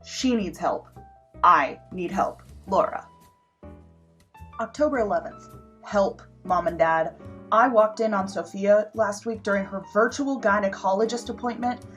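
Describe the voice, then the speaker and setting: A woman's voice: mid-range voice, measured pace, faint music behind, natural voice. A woman playing a young college student reading her earnest letters home in a comic monologue. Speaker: improv performer.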